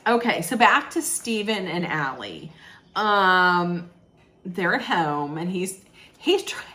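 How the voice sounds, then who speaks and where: A woman's voice: on the low side, animated, takes it slowly, sharp tone. A woman recapping a reality show in a chatty, sarcastic way, with laughing asides. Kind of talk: casual chat recap.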